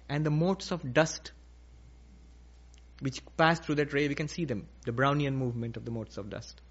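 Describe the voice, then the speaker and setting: A man's voice: fairly high pitch, a bit bright. Man teaching spiritual philosophy, lo-fi. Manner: slow, repetitive, emphatic teaching. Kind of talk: philosophical lecture. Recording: dull lo-fi recording.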